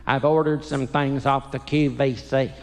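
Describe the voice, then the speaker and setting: A man's voice: mid-range voice, fairly even intonation, unhurried, big-room sound, natural voice. A man voicing his fretful, apologetic mother in her nineties. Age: 90s. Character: fretful 92-year-old mother.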